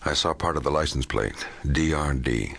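A man voicing a shaken but composed wealthy man who answers in low, clipped, guarded phrases. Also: normal speed, gravelly, a bit bright, exaggerated voice. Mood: guarded, tense.

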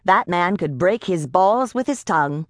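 Sharp sassy secretary lady, narrator doing her, crisp and pointed. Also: lowish voice, expressive, normal speed, no echo, studio quality, natural voice. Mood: exasperated. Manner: crisp, sardonic and professional. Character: brisk sharp-tongued female secretary.

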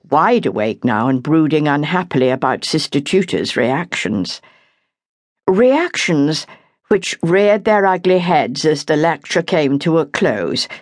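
Female audiobook narrator, lively measured delivery, dry studio sound. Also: low voice, no room sound. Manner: expressive, measured storytelling. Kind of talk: scripted narration.

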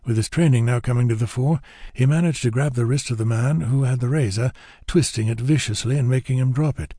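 A male audiobook narrator with a mellow, slightly husky voice, reading in a measured, even storytelling manner. He is recorded close and dry, with no room sound around him. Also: mid-range voice, no room sound.

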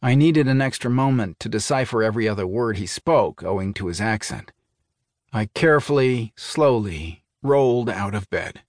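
A man narrating a first-person thriller audiobook in a measured, even storytelling manner. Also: lowish voice, no room sound, studio quality.

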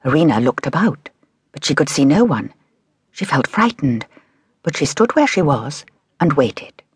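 A woman narrating a children's audiobook in a measured, expressive storytelling manner. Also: low-pitched, slightly rough, no echo, studio quality.

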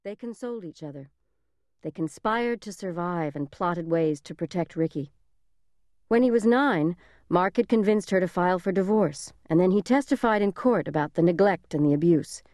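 A woman narrating a thriller audiobook in a measured, suspenseful reading, close to the microphone. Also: lowish voice, animated, darkish tone, dry recording. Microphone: close studio mic.

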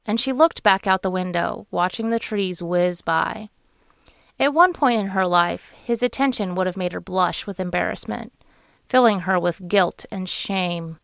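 A woman narrating a romance audiobook in a measured, even storytelling manner on a close studio mic. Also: lowish voice, vocal fry, clean tone, dry recording. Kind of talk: scripted narration.

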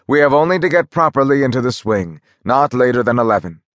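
A man's voice: mid-range voice, expressive, a little fast, dry recording, pitched above the performer's own voice, close to an everyday voice. A man voicing Jansch, a blunt, pushy ex-convict who speaks brusquely, in a dry audiobook reading.

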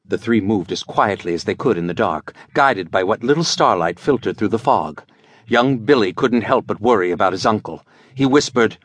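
A man reading an adventure audiobook as scripted narration, with animated storytelling. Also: on the low side, moderate pace, no room sound.

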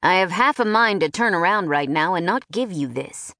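Cranky fantasy wizard, woman narrator voicing him, higher and grumbly, dry audiobook sound. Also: expressive, normal speed, a bit bright, no room sound. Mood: bitter. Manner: grumbling, irritable. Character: grumpy male wizard potion maker.

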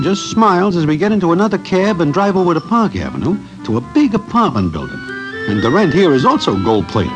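A man's voice: sits high, highs cut off. An actor playing a nervous city guy who narrates in stiff formal phrasing without contractions, in a 1940s radio drama. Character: Broadway, a nervous wisecracking city guy, man. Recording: old radio recording with faint music.

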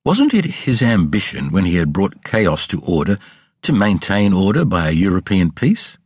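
A man's voice: sits low, very animated, moderate pace, darkish tone, breathy edge, no echo, studio quality, exaggerated voice. A man voicing a stern, genteel middle-aged station mistress who speaks severely and precisely. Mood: musing.

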